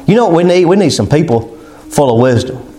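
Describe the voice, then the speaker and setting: High-voiced preacher, folksy. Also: male voice, lively intonation, a little fast, warm tone. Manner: folksy, conversational preaching with chuckles. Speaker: pastor. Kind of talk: sermon.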